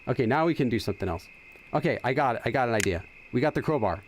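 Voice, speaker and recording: This middle-aged man races through his let's-play commentary, his mid-range voice full of lively intonation over slight background noise. Chatty and casual, he explains the game while playing it for his channel.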